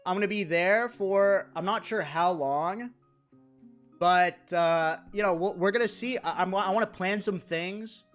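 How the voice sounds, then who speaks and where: A man's voice: high-pitched, measured pace. Man streamer chatting over faint music. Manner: relaxed, thanks subscribers. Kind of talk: casual stream chat.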